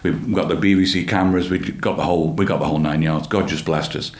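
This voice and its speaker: Man, low-pitched, earnest testimony, repeats himself, roomy echo. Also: fast talker. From England. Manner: earnest storytelling, repeats phrases, animated. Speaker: church leader and guest. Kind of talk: personal testimony in an interview.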